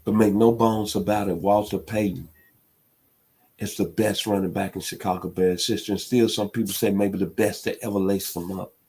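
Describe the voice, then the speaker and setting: Guy on sports radio, husky lowish voice, gets fired up and loud on his points. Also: steady tone, normal speed. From Memphis, Tennessee. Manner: impassioned, emphatic, builds to loud peaks. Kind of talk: sports talk radio monologue.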